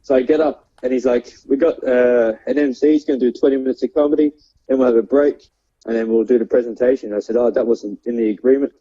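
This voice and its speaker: A man's voice: mid-range voice, steady tone, quick pace, dark tone, slightly rough. A young Australian man, a stand-up comedian, telling rambling stories with lots of fillers and frequent laughter. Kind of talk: casual storytelling chat. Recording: dull lo-fi sound.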